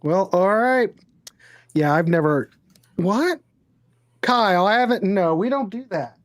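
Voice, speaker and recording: A man's voice: sits high, expressive, measured pace, no echo. A man hosts a live-stream music panel in a playful, effusive manner, reading viewer comments aloud. His voice sits in the middle range, and the sound is very dry, with no room around it. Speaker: show host.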